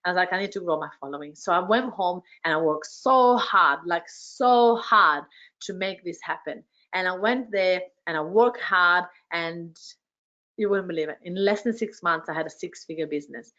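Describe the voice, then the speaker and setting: A woman hosting an online workshop, telling her story with energy and heaping quick praise on participants. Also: on the low side, fairly bright tone, muffled recording. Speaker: workshop host and business coach. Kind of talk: motivational storytelling to an online audience. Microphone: video call.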